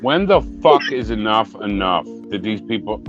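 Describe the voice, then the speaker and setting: A man's voice: fairly low pitch, lively intonation, moderate pace, fairly bright tone, faint music behind. A man hosting a casual podcast chat, crude and heavy on swearing. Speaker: podcast host. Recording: dull lo-fi sound.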